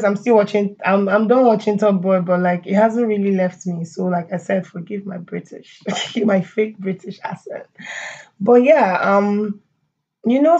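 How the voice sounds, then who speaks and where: A woman's voice: mid-range voice, darkish tone, slightly rough, muffled recording. A woman hosting her own podcast, chatting casually with her listeners. She laughs often and uses a lot of fillers and asides. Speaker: podcast host. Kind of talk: casual solo podcast chat.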